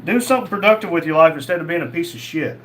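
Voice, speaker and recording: A man's voice: a little high, animated, rapid-fire, fairly bright tone, slight background noise. A man hosting a casual livestream, reading chat comments aloud and answering them in a blunt, crude, joking way. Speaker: livestream host.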